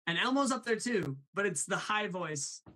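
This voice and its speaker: A man's voice: high voice, expressive, moderate pace, bright, forceful tone, low-quality recording. A man hosting a live show, chatting about voice impressions in a bubbly way, laughing often and reading out viewer comments. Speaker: host.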